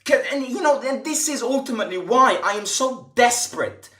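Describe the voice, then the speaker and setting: A man's voice: very high voice, animated, moderate pace, sharp tone. A man hosting a football fan channel, delivering an exasperated, profane post-match reaction rant with lots of repetition. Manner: exasperated, swearing, repetitive ranting. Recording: echoey room.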